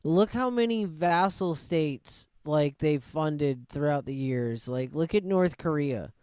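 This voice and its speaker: A man's voice: fairly high pitch, slow pace, darkish tone, clear, resonant tone, no room sound. A man in casual podcast chat, blunt and offhand, swearing freely. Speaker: podcast co-host.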